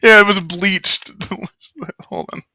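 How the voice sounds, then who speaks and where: A man's voice: high-pitched, fairly even intonation, takes it slowly, sharp tone, no echo. A man running a tabletop game as game master, loose and profane, laughing often with his players.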